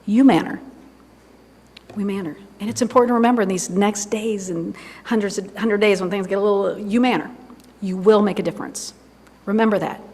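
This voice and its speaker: Woman minister, chatty sermon, animated asides, long church-hall reverb. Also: medium pitch, brisk, breathy edge. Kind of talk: informal sermon. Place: church sanctuary.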